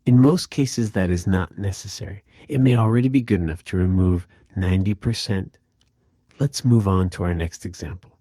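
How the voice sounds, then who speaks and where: A man calmly and methodically walking through an audio repair tutorial in voice-over. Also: low voice, normal speed, no echo, clean studio sound. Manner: calm, methodical explaining. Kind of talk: screen-recorded software tutorial.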